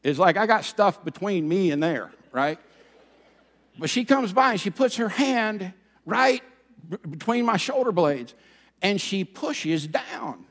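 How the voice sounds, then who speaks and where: A middle-aged man preaching a sermon as pastor, animated, telling stories and swinging from loud bursts to hushed, quiet passages. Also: high-pitched, moderate pace. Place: church sanctuary. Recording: long reverb of a large hall.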